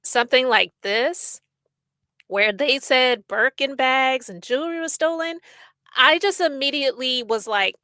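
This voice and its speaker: A woman's voice: sits high, unhurried, sharp tone, no room sound. A woman hosting a podcast, reading out news and giving her blunt opinions in a chatty, casual way. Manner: chatty, opinionated, reads news aloud and riffs. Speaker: podcast host.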